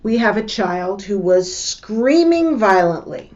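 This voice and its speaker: An older woman giving a lesson with personal stories, talking in a slow, measured way and repeating her key points. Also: medium pitch, big pitch swings, darkish tone, muffled recording. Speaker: teacher.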